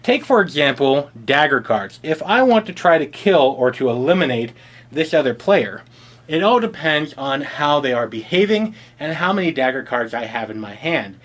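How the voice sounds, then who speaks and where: A male board game reviewer with a slightly higher-than-average voice. He walks through the rules in a dry, explanatory manner with sardonic asides. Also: sing-song, normal speed.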